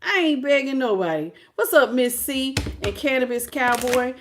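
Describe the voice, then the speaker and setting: A woman giving a live tarot reading in a blunt, slangy, animated way, greeting chat viewers as she goes. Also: high-pitched, normal speed, noisy background. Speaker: tarot reader.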